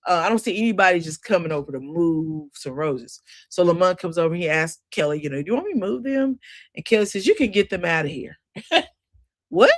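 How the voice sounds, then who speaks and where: A woman's voice: animated, fairly quick, no room sound, studio quality. Sassy, chatty woman recapping reality TV. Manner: chatty, sassy asides, swoops up high for emphasis. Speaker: recap host.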